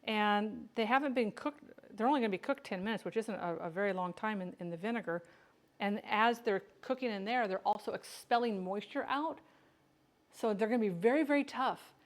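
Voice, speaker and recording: A home canning vlogger with a brisk, mid-range voice chats casually during a cooking livestream while she cans beans. She jokes, teases herself as she works, and addresses viewers by name.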